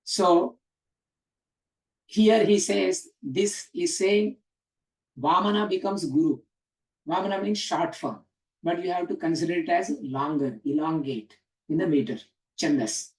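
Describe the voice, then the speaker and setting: A man's voice: a little high, a little mellow. Guy teaching a class, lots of uh and huh?, mic kinda far, roomy sound. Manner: explanatory, asks the class questions, frequent "uh" and "huh?". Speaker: teacher of scripture. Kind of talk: classroom lecture on Sanskrit grammar. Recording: echoey room, speaker away from mic.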